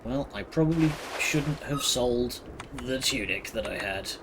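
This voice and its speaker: A man's voice: medium pitch, lively intonation, measured pace, noisy background. A man giving casual, sardonic commentary while streaming a game. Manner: dry, sardonic, wandering. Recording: voice over loud game music.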